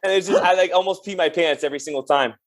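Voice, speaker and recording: A young man in a casual podcast chat, his voice sitting a little on the high side. He tells stories in a loose, laid-back way, filling them with "like" and breaking into laughter while he mimics the people in them. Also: fast. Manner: laid-back storyteller, lots of "like" and laughs, acts out quotes. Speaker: podcast guest, drummer.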